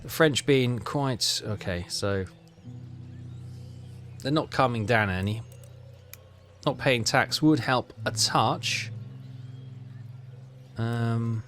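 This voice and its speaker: A man giving casual commentary on a strategy game, thinking aloud with halting, self-correcting phrases. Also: medium pitch, a bit bright, soft background music. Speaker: gaming channel host.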